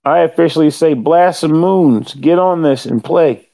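Man, higher voice, talkative, wordy game review, self-correcting. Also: unhurried, mellow. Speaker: podcast co-host reviewing a game. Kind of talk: casual podcast review.

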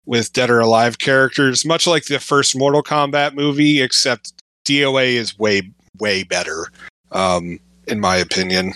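Bright, excitable man co-host, dry sound. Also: mid-range voice, normal speed, no echo. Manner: excitable, lots of fillers. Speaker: podcast co-host. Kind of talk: casual chat.

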